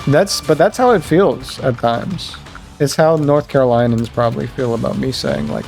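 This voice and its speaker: A young man from Virginia talks over a game he is playing, in a mid-range voice that wanders from one joke to the next. He keeps jumping up in pitch for emphasis. Faint game music plays behind him. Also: moderate pace, vocal fry, a little mellow. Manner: rambling, joking, jumps into higher pitch for emphasis. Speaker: gaming streamer. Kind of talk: casual gameplay commentary.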